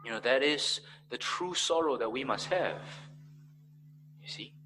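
A man preaching a sermon as pastor, swinging between emphatic raised peaks and quiet, low passages. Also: expressive, a little slow, a little hiss or hum, poor audio.

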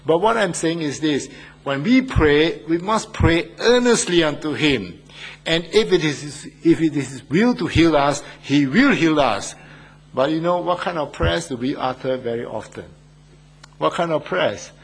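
Man, preacher, sermon, husky voice, emphatic, rhetorical questions. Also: on the high side, animated, moderate pace.

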